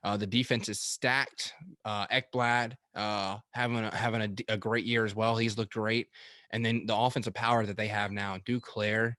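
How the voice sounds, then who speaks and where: A man's voice: on the low side, level tone, moderate pace, sharp tone, dry recording. A man co-hosting a podcast, talking hockey in a blunt, laid-back, profane way. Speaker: podcast co-host. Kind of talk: casual hockey chat.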